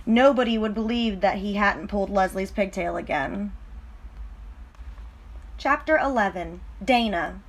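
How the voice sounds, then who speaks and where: Lady reading a kids storybook out loud, slightly high voice, even. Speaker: reader. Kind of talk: storybook read-aloud.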